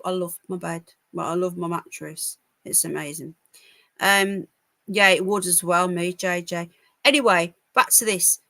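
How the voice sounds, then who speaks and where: A woman's voice: mid-range voice, bright, forceful tone, dry recording. Chatty woman livestreaming, dry close sound. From United Kingdom. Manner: chatty, wry asides, stumbles over words while reading. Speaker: livestream host. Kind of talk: casual live-stream chat, reading news and chat comments.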